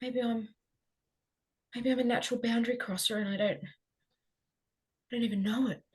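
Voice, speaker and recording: An Australian woman improvising a comedy scene in a giggly, playful way, with halting restarts. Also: fairly high pitch, steady tone, breathy edge.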